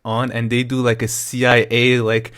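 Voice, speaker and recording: A man's voice: medium pitch, completely flat delivery, normal speed, fairly bright tone, smooth. A man co-hosting a casual news discussion, talking loosely and chattily with lots of "like" and "I mean.". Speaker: co-host of a news discussion show. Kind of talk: casual political chat.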